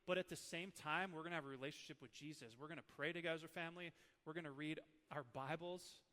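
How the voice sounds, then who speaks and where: A man in his thirties, a preacher from Minnesota, teaching with animated, emotional personal stories. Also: fairly high pitch, fast, long reverb tail.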